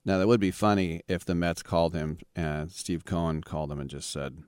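A man's voice: low voice, fairly even intonation, a little fast, a little mellow, smooth, no room sound, clean studio sound. A man in his fifties from the Bay Area, hosting a sports talk radio show in a wry, rambling monologue with sarcastic asides. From San Francisco Bay Area.

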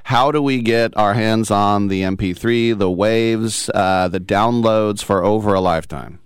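A man's voice: lowish voice, a little slow, clear, resonant tone, dry recording. A man interviewing a guest, asking rambling and curious questions. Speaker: interviewer, host. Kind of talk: interview conversation.

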